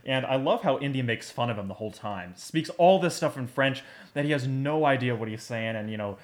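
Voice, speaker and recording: A man's voice: medium pitch, lively intonation, fairly quick. A man co-hosting a podcast in casual chat, enthusiastic and rambling with lots of fillers. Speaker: podcast co-host.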